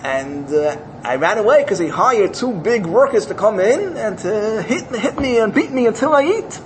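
A man's voice: sits high, big pitch swings, normal speed, noisy background, voice pushed up. Parable figure: man doing a put-upon young student, plaintive and protesting. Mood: aggrieved. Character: aggrieved young male yeshiva student.

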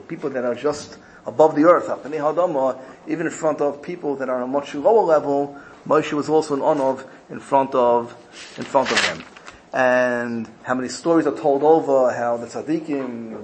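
A man's voice: mid-range voice, a little hiss or hum, rough recording. A man teaching a Torah class, telling stories and often repeating and restarting words as he searches for his phrasing. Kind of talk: Torah class lesson with storytelling.

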